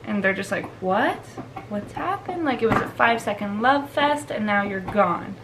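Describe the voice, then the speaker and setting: A woman's voice: mid-range voice, brisk, noisy background. A woman who trains dogs explains the steps in a casual vlog, chatty and full of fillers. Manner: chatty, laughs often, filler-heavy. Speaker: dog trainer.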